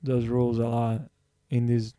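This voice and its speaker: A man's voice: medium pitch, completely flat delivery, normal speed, mellow, smooth, dry recording, clean studio sound. A man streaming his drawing, talking casually to himself and his viewers in a rambling, self-correcting way. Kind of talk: casual thinking-aloud while drawing.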